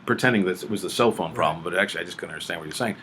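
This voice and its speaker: A man's voice: deep voice, racing, a bit bright, breathy edge. A man in casual conversation who rambles and often stops to search for names. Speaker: guest with acting and production experience. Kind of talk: casual chat.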